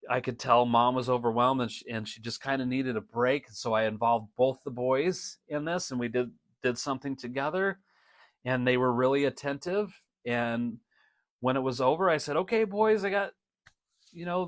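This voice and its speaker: Middle-aged guy chatting on his podcast, lively storytelling, lots of laughs, dry close mic. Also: mid-range voice, no echo. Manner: animated storyteller, laughs often, many restarts. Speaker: podcast host and drum teacher. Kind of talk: casual storytelling monologue.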